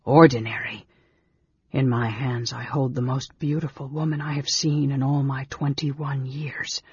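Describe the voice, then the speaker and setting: A man's voice: flat delivery, a little slow, lo-fi sound, a little hiss or hum, lightly acted. A man doing a brooding whispering young mage. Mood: intense. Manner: low, hushed and intense, half-whispered. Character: frail young male mage, intense and brooding.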